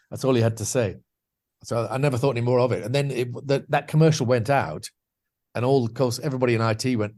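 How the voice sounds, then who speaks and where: Brief: man from the Scottish Borders, guest voice actor, animated storyteller who drops into voices, middle pitch. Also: fast. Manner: lively anecdotes, slips into voices and animal noises. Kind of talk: casual interview storytelling.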